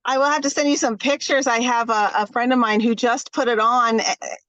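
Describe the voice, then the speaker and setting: A woman nurse, a guest on a podcast, telling animated stories with laughs. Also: on the high side, fairly quick, dry recording, dull audio. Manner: animated storyteller, laughs, fillers. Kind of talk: podcast interview.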